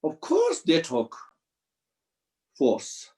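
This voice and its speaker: Slow-speaking man teaching. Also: a little mellow, rough recording. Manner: slow, halting non-native English with restarts. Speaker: Buddhist teacher. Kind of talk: dharma teaching commentary. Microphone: video call.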